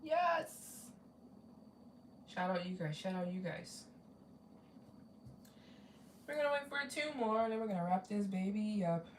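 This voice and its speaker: A woman's voice: mid-range voice, moderate pace, pauses often, a little mellow, recorded from a distance, a little hiss or hum. Rambling woman live-streaming from a roomy space. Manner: rambling, repeats herself, reads out donations. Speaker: travel vlogger hosting a fundraiser live stream. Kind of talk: casual live-stream chat.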